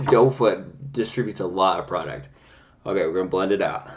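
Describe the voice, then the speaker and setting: At a normal speed, a man with a low-pitched voice reviews makeup at home for a casual vlog. The recording lacks high frequencies. He comes across as chatty and dramatic, full of sass.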